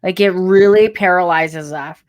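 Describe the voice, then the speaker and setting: A woman's voice: on the low side, a little slow, darkish tone. A woman co-hosting a podcast, sharing stories and reflections in casual chat. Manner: chatty, reflective storytelling. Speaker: podcast co-host.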